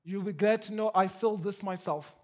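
A man preaching a sermon with animated emphasis, often repeating words as he builds his points. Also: sits high, brisk.

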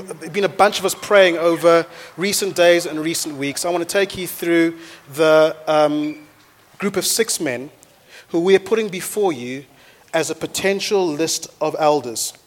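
A man in his thirties preaches a sermon to his congregation in a church auditorium. His voice sits fairly high for a man, and his lively storytelling keeps climbing into loud, rousing exhortation. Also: measured pace. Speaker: pastor.

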